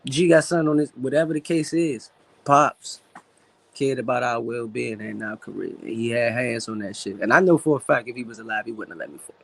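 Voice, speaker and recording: Candid, profane boxer telling a story. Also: male voice, mid-range voice, fairly quick, gravelly, a bit bright. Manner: emotional about his late father. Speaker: professional boxer, guest. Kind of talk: casual interview talk.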